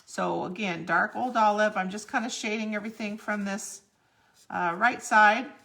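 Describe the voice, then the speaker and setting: Woman, craft demo host, chatty step-by-step explainer, gravelly, bright tone. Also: mid-range voice, steady tone, normal speed. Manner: chatty, explains each step while working. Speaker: crafting demonstrator. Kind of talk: live crafting tutorial.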